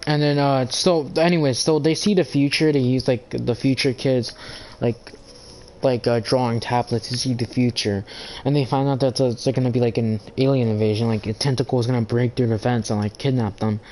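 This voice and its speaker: A man rants on his own channel, talking at a middle pitch. He rambles, swears often and keeps restarting his sentences, so the talk feels loose and offhand. Faint noise sits under the voice. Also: fairly even intonation, fairly quick, a little mellow, low-quality recording. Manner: rambling, profane, full of "like" and restarts. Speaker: gaming channel host. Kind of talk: casual ranting monologue.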